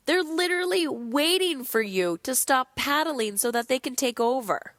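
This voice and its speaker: Woman, podcast host, blunt and profane, candid monologue, a little sick, fairly high voice, dry recording. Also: lively intonation, moderate pace, few pauses, a bit bright, no room sound. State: sick, low energy.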